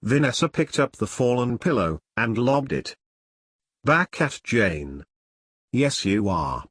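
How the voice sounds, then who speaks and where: A man reading a novel aloud as an audiobook narrator, in plain, measured narration. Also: mid-range voice, very animated, fairly bright tone, husky, dry recording, studio quality. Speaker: audiobook reader.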